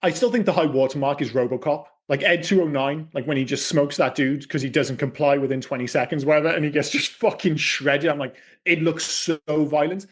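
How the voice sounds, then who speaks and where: This is a man co-hosting a casual movie podcast. His voice sits a little higher than most men's. He talks in a lively, rambling way and swears freely. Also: a little fast, few pauses. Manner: animated, chatty, swears casually. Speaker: podcast co-host. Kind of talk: casual film podcast chat.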